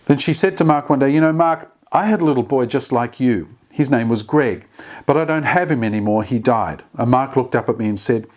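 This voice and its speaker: A man's voice: mid-range voice, fairly quick. A man hosting a short daily devotional. He retells a story in an earnest way and makes small slips and restarts as he goes.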